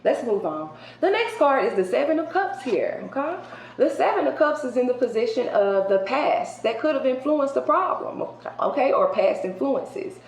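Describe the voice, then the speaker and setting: A woman doing a casual tarot card reading for her viewers. She talks colloquially and emphatically, jumping between loud outbursts and hushed asides. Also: high voice, sing-song, normal speed. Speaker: tarot reader. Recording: roomy echo with faint background hiss.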